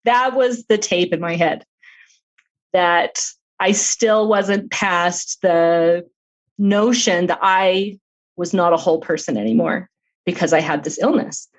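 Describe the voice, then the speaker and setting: A woman's voice: on the low side, slow pace, poor audio. A middle-aged woman, an author guest on a podcast interview, telling her personal story in an earnest, open way with light laughs.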